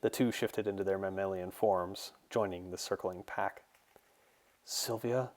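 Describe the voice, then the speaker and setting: Man, author, audiobook narration, steady, measured, low-pitched. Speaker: author narrating his novel.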